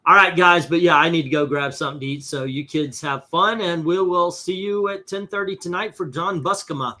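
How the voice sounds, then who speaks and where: Man, comics channel host, casual livestream talk, bright forceful tone, filler-heavy, profane. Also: on the high side, steady tone, brisk. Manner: rambling, profane, lots of fillers.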